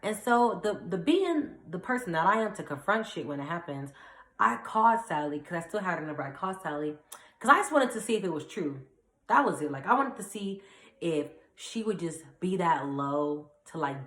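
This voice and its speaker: Young woman vlogger, low voice but bright and forceful, chatty storytime with lots of um and like, echoey room. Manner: chatty, animated retelling with fillers and acted-out quotes. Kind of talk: casual storytime.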